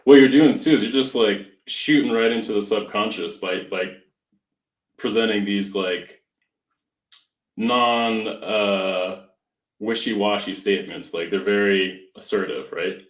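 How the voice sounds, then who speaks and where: A man's voice: fairly low pitch, fairly even intonation, unhurried, distant mic. A man co-hosting a podcast, talking casually and thoughtfully as he picks apart ideas. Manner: thoughtful, philosophical, challenging ideas. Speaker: podcast co-host. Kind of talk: casual chat. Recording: echoey room, off-mic.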